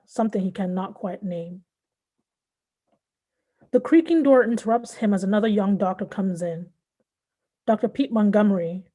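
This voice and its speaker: A woman author reads her own short story aloud at a measured pace. Her voice is mellow and darkly colored, with a middle pitch. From born in Nigeria, raised in Southern California. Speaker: fiction writer reading her work. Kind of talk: literary reading.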